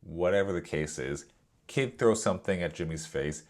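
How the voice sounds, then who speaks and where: A man who works as a substitute teacher, telling a classroom story in an animated way, acting out the dialogue and using lots of fillers. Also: low-pitched, normal speed. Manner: animated retelling, acts out dialogue, many fillers. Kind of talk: storytime vlog.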